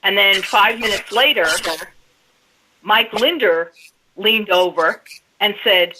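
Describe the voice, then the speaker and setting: Bright-voiced woman telling a story. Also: medium pitch, slow pace, long pauses, rough recording. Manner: storytelling, recounting events step by step. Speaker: guest. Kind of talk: casual radio interview.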